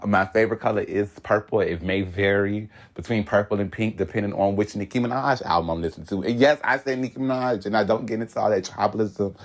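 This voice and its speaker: Casting: young podcaster, low-voiced man, candid solo rant. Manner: candid, animated, laughs often. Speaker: podcast host. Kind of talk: casual solo monologue.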